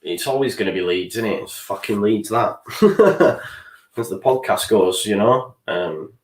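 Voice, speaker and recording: A young man hosts a live football watchalong, talking through the match in a frustrated voice and now and then swearing. His voice sits low. The sound bounces around an echoey room. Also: big pitch swings, unhurried. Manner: frustrated, swears, reads out viewer chat. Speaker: fan channel host.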